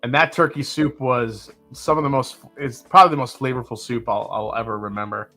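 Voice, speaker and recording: A man's voice: medium pitch, a little fast, soft background music. A man hosting a live whiskey tasting, chatting casually and reading out viewer comments. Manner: relaxed, chatty, with fillers and sips. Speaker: whiskey livestream host.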